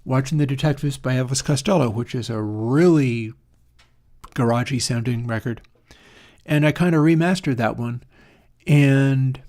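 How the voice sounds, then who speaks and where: A man's voice: mid-range voice, darkish tone. A man hosting his own channel, talking casually and thinking aloud as he goes, with fillers and self-corrections. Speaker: host of an audio plugin channel. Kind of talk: casual rambling chat.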